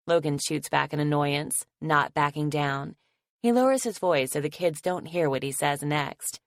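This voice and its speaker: A woman narrating a first-person romance audiobook in a soft, affectionate way. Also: sits low, moderate pace, no room sound, studio quality.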